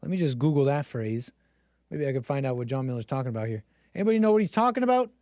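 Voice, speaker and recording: A man's voice: medium pitch, lively intonation, quick pace, a little mellow, no echo, clean studio sound. A man hosting a casual livestream, rambling and sarcastic, mocking others with exaggerated gasps. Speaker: livestream host.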